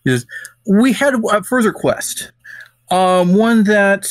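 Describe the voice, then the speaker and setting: A man's voice: sits high, lively intonation, slow, dry recording. A man playing his character in a tabletop role-playing game, speaking formally and earnestly in character. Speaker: player.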